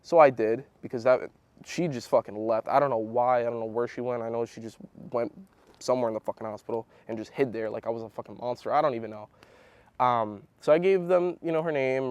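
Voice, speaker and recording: A man's voice: medium pitch, dry recording. Young guy rambling about his story, slangy, keeps saying bro, dry close mic. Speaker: vlogger telling a personal story. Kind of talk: casual storytelling to camera.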